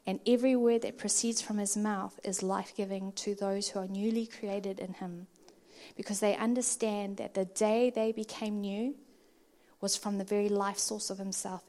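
A woman preaching in an earnest, conversational way, sometimes dropping to a soft, near-whispered delivery. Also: medium pitch. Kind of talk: conversational sermon.

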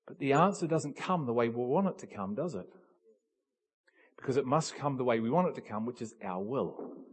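A man preaching a sermon, swinging between hushed lines and loud cries and acting out little dialogues. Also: medium pitch, expressive, moderate pace, breathy edge.

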